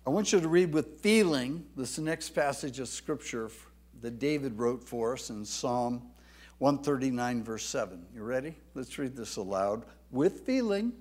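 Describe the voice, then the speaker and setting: A man preaching a sermon with emphatic delivery, rising loud when reading scripture aloud, with some halting restarts. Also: mid-range voice, lively intonation. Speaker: pastor.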